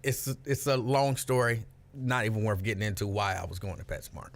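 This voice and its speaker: A man hosting a live stream, chatting with viewers and telling a story in an animated, casual way. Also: on the low side, fairly quick. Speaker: livestream host.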